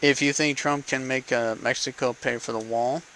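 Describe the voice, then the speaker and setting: Argumentative young-sounding man, bright tone. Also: medium pitch, steady tone, moderate pace, slight background noise, rough recording. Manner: argumentative, repeats rhetorical "okay?" and "right?". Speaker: vlogger speaking to camera. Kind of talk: casual political monologue.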